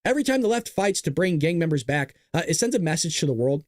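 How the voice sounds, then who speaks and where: A man's voice: fairly high pitch, big pitch swings, fast talker, few pauses, darkish tone, no room sound. Sarcastic ranting man, dry sound. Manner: sarcastic, ranting, mocks opponents; reads and answers viewer chat. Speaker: political commentary show host. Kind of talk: live-streamed political commentary.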